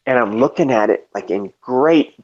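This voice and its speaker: A man's voice: mid-range voice, animated, moderate pace, darkish tone, dull audio, slight background noise. A man telling a long story in casual chat, rambling and profane, full of "like" and restarts. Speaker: storyteller in a live debate chat.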